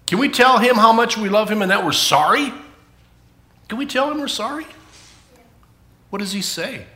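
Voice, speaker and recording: Animated man giving a children's sermon. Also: high voice, normal speed, roomy sound. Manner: animated, playful, asks children questions. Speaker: children's pastor.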